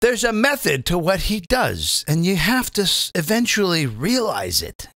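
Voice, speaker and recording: A man's voice: sits high, wildly swooping pitch, normal speed, fairly bright tone, no room sound, studio quality. A male comedian hosting, delivering a profane, combative political rant and often asking the audience to agree. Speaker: comedian host.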